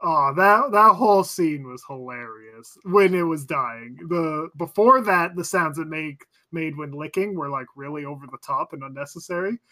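A man chatting casually about a movie with friends, swearing freely, laughing often and trailing off quietly at the ends of thoughts. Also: on the high side, lively intonation, moderate pace, hardly any pauses. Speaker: podcast co-host.

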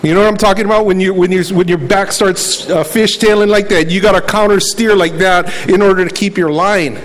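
A man's voice: sits high, fairly even intonation, fairly quick, rough recording. A man preaching a sermon in a conversational, fervent way, often repeating words as he searches for them. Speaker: pastor.

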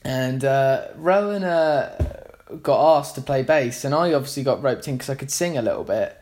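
A man's voice: mid-range voice, animated, normal speed, darkish tone. A man, a musician, telling a long casual anecdote in a rambling way, full of fillers and restarts.

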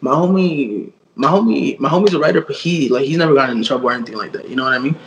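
A young man in his twenties tells a story in a relaxed, slangy way, full of fillers, and acts out what others said. The recording sounds a little muffled. A faint hum sits underneath. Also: mid-range voice, rapid-fire. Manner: slangy, many fillers, retells quotes. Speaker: guest artist. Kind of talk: casual storytelling.

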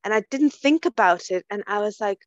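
A woman's voice: mid-range voice, lively intonation, brisk, no echo. Woman from germany chatting earnestly, keeps restarting, muffled dry call audio. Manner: earnest, many restarts and repeated words. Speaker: panel guest. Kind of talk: casual group discussion.

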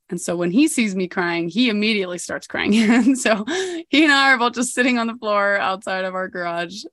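A woman's voice: mid-range voice, a bit bright, dry recording. A woman in her thirties hosting a podcast, telling a personal story in a candid, reflective way. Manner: candid and reflective, with occasional laughs. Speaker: podcast host.

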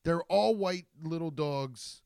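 A young man hosting his own podcast, telling rambling, profane stories with jumpy, animated energy. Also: fairly high pitch, takes it slowly, creaky, smooth, no echo, clean studio sound. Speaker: podcast host. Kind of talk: casual solo podcast monologue.

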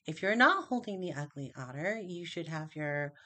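Low-voiced woman teacher explaining routines. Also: expressive, normal speed, pushed and bright. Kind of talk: casual chat among teachers.

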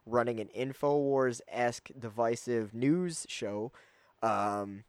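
A man giving a casual, rambling movie review, full of fillers and quick acted-out quotes. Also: medium pitch, dry recording. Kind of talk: casual spoken film review.

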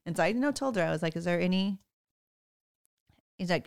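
A woman casually telling an animated parenting story, quoting her children and laughing often. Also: lowish voice, fairly quick, vocal fry, pauses often, smooth, dry recording, clean studio sound. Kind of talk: casual chat.

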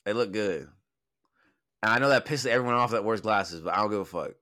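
Fast-talking, bright-voiced young man. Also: fairly low pitch. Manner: blunt, teasing, profane. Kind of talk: casual chat.

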